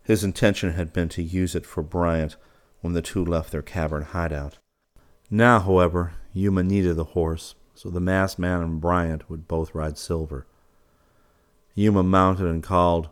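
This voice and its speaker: A man narrating a western audiobook in an even storytelling manner. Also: low-pitched, moderate pace.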